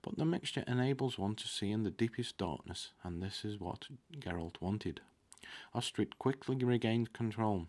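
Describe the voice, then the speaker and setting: A man reading a fantasy novel aloud as narrator, in a measured, steady way. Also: lowish voice. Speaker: audiobook reader.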